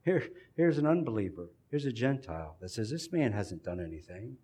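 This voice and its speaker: A man's voice: on the low side, big pitch swings, fairly quick, warm tone, husky. Earnest male preacher delivering a sermon.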